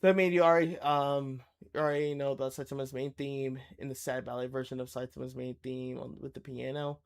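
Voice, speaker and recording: A young man hosting a live reaction stream, talking in a casual, slangy and excitable way and laughing easily. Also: mid-range voice, brisk, clean tone. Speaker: livestream reaction host.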